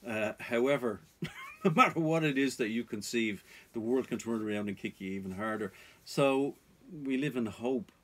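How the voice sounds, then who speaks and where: A man's voice: medium pitch, moderate pace, a bit bright. A man vlogging about off-grid life, talking to viewers in an earnest, cautionary way. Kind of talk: casual advice to viewers.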